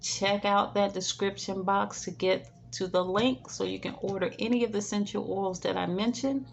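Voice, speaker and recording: A woman caregiver giving casual advice, chatty, tagging her sentences with "right?" and "okay?", sometimes dropping to a soothing hush. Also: medium pitch, moderate pace, gravelly, slight background noise. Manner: soothing, drops to a hush when modeling calm words. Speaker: in-home caregiver. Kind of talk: casual advice talk to camera.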